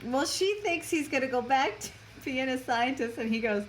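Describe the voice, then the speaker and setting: A woman's voice: sits high, animated, normal speed, slight background noise. A woman co-hosting a casual movie podcast, chatting through the plot and adding wry jokes. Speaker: podcast co-host.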